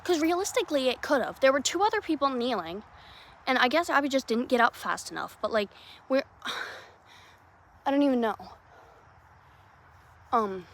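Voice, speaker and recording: A young woman hosting her own podcast, telling a story casually, rambling and swearing, with many restarts, swinging between loud and hushed. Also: high voice, normal speed, pauses often. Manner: lively, jumping from loud to hushed. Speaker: podcast host.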